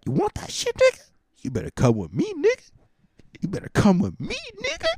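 A loud, pushy younger brother rattles off profane street slang at a raised pitch, as a man imitates him. The voice teases and hustles without letup. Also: wildly swooping pitch, brisk, gravelly, a little hiss or hum, full character voice. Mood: pushy teasing.

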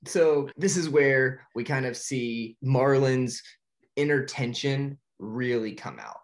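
A man's voice: medium pitch, expressive, takes it slowly. A man retelling a film plot in casual chat, talking loosely with many fillers and restarts and laughing often. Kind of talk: casual movie recap chat.

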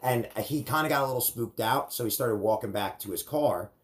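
A man's voice: mid-range voice, a little fast. A young man in casual podcast chat, telling rambling stories and acting out quotes, swearing now and then. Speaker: podcast host.

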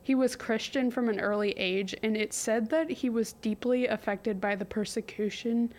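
A woman's voice: fairly high pitch, steady tone, moderate pace, darkish tone. Chatty, giggly young woman podcast host. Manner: chatty, giggly, reads history notes with jokey asides. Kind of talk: casual history podcast chat.

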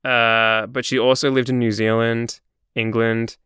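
A man's voice: mid-range voice, flat delivery, a little slow, a bit bright, clean tone, no room sound, clean studio sound. An Australian man co-hosting a podcast in casual chat, laughing often and talking with many fillers. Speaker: podcast co-host.

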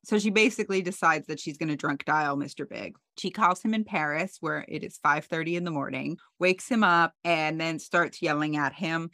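A woman's voice: deep voice, a bit bright, no echo. A woman co-hosting a podcast, casually recapping a TV episode in a chatty storytelling way with wry asides. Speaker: podcast co-host.

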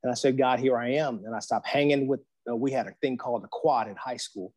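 A man's voice: medium pitch, fast. Slangy storytelling man telling his testimony. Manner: slangy, animated storytelling that acts out quoted voices. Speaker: guest. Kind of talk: personal faith testimony.

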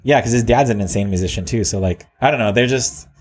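A man with a somewhat low voice chats loosely about music, drifting between thoughts. He stalls, restarts, and leans on fillers as he tells his story. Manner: rambling, halting, lots of "like" and restarts. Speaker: musician guest. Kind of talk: casual chat.

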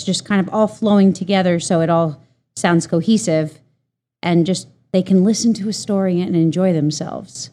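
Chatty woman audiobook narrator, low voice. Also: fairly even intonation, normal speed, warm tone. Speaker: audiobook narrator, interview guest. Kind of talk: casual interview answers.

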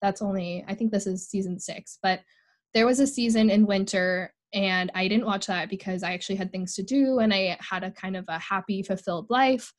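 A woman's voice: mid-range voice, steady tone, a little fast. Young woman cohosting a podcast, chatty and upbeat, says like a lot. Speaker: podcast co-host. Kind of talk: casual chat.

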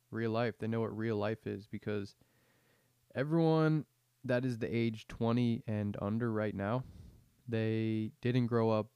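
A man's voice: on the low side, darkish tone, clear, resonant tone, no echo, clean studio sound. Profane young man ranting on a podcast. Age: 20s. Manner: profane, slangy, meandering rant. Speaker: podcast host. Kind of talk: casual rambling monologue.

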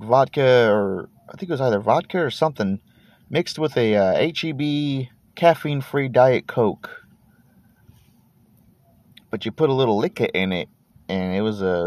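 The recording is dry, and the man's voice sits at a medium pitch. He's a podcast host from Texas in his 30s, rambling casually from his parked car with a laid-back drift, swearing freely, letting sentences trail off and repeating words.

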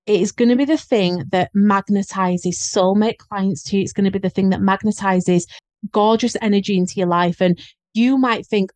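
A woman's voice: medium pitch, fairly even intonation, normal speed, a little mellow. A woman with a Yorkshire accent speaks as a podcast guest. Her tone is earnest and encouraging, and she picks up speed when she quotes other people. The recording is close and dry, with no room echo. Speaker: guest, business coach. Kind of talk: casual podcast chat.

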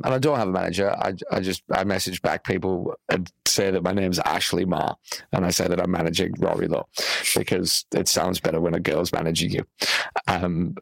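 A man's voice: deep voice, steady tone, a little fast, vocal fry, dry recording, rough recording. A young Australian man, a comedian, telling a rambling, profane story full of "like" fillers. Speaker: comedian guest. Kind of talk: casual storytelling chat.

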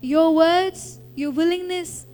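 A woman pastor delivers an earnest sermon in a strikingly high voice. She leans on repetition to press each point home. Soft music plays faintly underneath. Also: takes it slowly. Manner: earnest, repeating phrases for emphasis.

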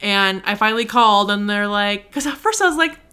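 A woman's voice: medium pitch, expressive, fairly quick, sharp tone, clear, resonant tone. A young woman co-hosting a podcast, telling a story in casual chat, acting out other people's lines and laughing often. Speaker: podcast co-host.

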